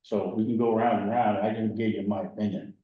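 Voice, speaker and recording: A man's voice: lowish voice, level tone, a little fast, very echoey, far from the mic, lo-fi sound. A man with a Boston accent, a committee member making blunt, opinionated points at a town meeting.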